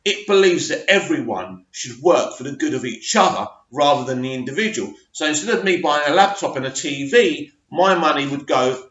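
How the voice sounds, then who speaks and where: A man's voice: fairly high pitch, animated, moderate pace, few pauses, a bit bright. Man, casual film reviewer, rambling and full of restarts, muffled recording. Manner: rambling, self-correcting with many ums. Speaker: movie reviewer. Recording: echoey room, dull lo-fi sound.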